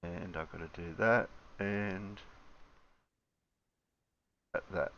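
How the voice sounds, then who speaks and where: A man's voice: sits low, steady tone, slow pace, creaky, fairly bright tone, muffled recording, slight background noise. A man co-hosting a casual chat, laid-back and dry in his manner.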